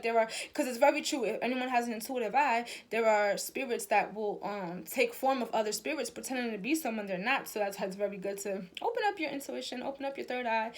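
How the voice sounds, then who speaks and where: Young woman, fairly high voice, casual emphatic spiritual vlog talk, swears, says y'all. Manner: chatty, emphatic, swears freely, addresses viewers as y'all. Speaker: spiritual reader and vlogger.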